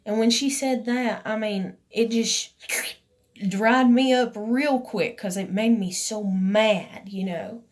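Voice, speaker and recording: A woman's voice: on the high side, takes it slowly. Emotional rambling woman with drawl. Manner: emotional, rambling, full of fillers. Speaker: vlogger. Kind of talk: personal storytelling.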